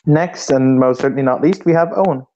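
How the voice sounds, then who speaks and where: A game master narrating a tabletop game in a calm, measured way. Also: medium pitch. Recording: dull lo-fi mic with background hiss.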